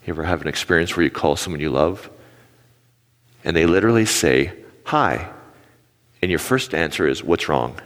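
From a stage, a low-voiced pastor in his forties speaks fast through his sermon, his words trailing into a long hall reverb. He shares stories and lively acts out the quoted people in them.

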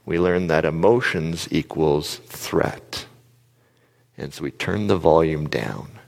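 Male speaker, very low voice, animated storyteller who quizzes the audience, long hall reverb. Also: takes it slowly, vocal fry. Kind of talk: live motivational talk.

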